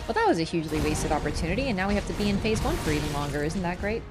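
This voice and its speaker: A young woman streaming a video game, rambling chattily and bursting into excited swearing. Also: fairly low pitch, racing. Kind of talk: live gameplay commentary. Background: game music.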